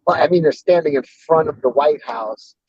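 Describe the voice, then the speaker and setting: A man's voice: on the high side, moderate pace, a little mellow, dull audio. A man chatting casually as co-host, telling a profane, laid-back story.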